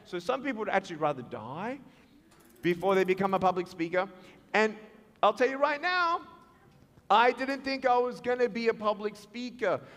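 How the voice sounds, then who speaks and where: A man giving a storytelling speech to students, animated and acting out the voices in his stories. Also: sits high, normal speed. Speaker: motivational speaker. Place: large school hall. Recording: long hall reverb.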